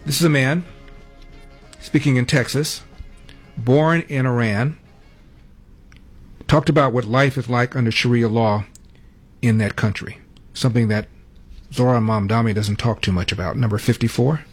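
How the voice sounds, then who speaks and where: A man presenting the news, introducing clips in a brisk teaser style. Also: medium pitch, steady tone, husky, faint music behind. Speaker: news host.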